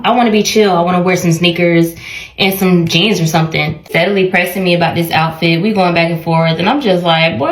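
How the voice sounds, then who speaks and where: A young woman casually telling a bad-date story to camera, acting out the lines of both people in an animated way. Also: on the low side. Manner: animated, acts out both sides of the dialogue. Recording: roomy echo.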